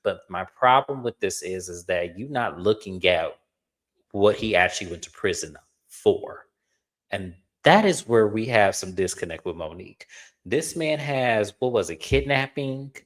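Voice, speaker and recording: Animated man ranting in a low voice. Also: moderate pace. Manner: animated, swoops up into high incredulous exclamations. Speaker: co-host. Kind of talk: casual reality TV recap chat.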